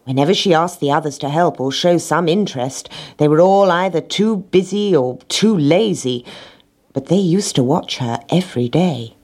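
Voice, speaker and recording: A woman narrating a children's storybook in a gentle, expressive reading. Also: low-pitched, moderate pace.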